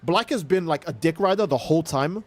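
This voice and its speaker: A young man in casual livestream commentary, talking in an excitable, profane, rambling way. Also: fairly high pitch, brisk. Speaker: streamer.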